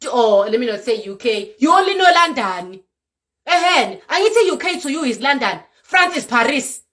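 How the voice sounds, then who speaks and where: A woman's voice: sits high, very animated, normal speed, pushed and bright. A South African woman with a Zulu accent, a vlogger giving a fiery, scolding rant to camera, repeating herself for emphasis. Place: Europe.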